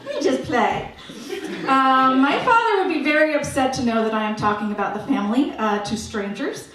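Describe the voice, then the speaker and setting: A woman's voice: high voice, background noise. A woman comedian performing a stand-up set on a comedy club stage, with dry, self-mocking delivery. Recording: echoey room captured from far off.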